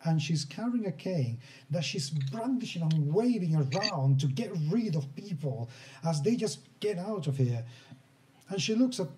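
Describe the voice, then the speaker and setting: A man running a tabletop horror game, narrating scenes in an unhurried, descriptive way. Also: fairly high pitch, expressive, background noise. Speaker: game master.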